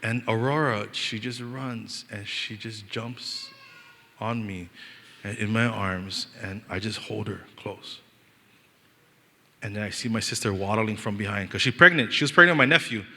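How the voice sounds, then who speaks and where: A young man from Hawaii preaches with a relaxed Hawaiian Pidgin lilt, his voice bright and forward. He tells stories in an animated, joking way and acts out the people in them, and his words ring out in the long reverb of a church hall. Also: on the low side, moderate pace, slight background noise. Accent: Hawaiian Pidgin-inflected English. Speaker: pastor. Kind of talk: storytelling sermon.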